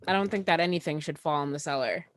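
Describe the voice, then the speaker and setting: A woman's voice: low voice, dry recording. Woman co-host chiming in casually. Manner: quick agreeing interjections, laughing along. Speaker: podcast co-host. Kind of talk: casual podcast chat.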